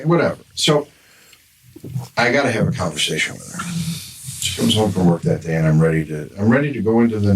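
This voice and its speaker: An older man, a grandfather, telling a long exasperated story in casual podcast chat. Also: on the low side. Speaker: podcast guest. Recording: somewhat distant mic with faint noise.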